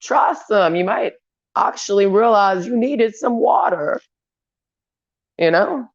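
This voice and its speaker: A woman's voice: mid-range voice, animated, takes it slowly. A woman vlogger ranting in a crude, profane, stream-of-consciousness ramble. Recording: dull lo-fi recording.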